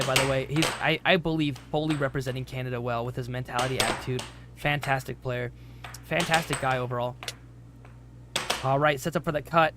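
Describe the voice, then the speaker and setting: A man doing casual play-by-play commentary for an air hockey livestream, reading out chat messages and laughing easily. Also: on the high side. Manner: chatty, reads chat aloud, laughs easily. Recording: noisy room.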